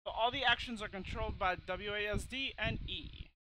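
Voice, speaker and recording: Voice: mid-range voice, a little fast, bright, forceful tone, poor audio. Offhand streamer muttering over gameplay. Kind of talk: gameplay commentary.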